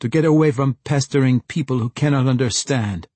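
Casting: a man doing a self-pitying young would-be poet, theatrical and declaiming, husky, dry close sound. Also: medium pitch, fairly quick, mellow, no echo, voice pushed up, lightly acted. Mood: firm.

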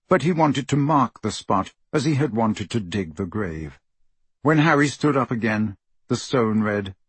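A man reading an audiobook in a slow, measured narration. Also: mid-range voice, husky, no room sound. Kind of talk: scripted narration.

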